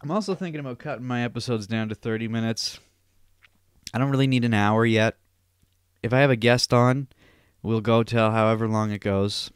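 A man's voice: medium pitch, brisk, clean tone, no echo, clean studio sound. A young man hosting a solo podcast, ranting and telling stories in a rambling, profane way. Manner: profane, rambling, animated storytelling. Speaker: podcast host.

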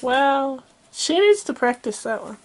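A woman co-hosting a family unboxing video from a room at home, chatty and quick to laugh. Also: high voice, sing-song. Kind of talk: casual chat.

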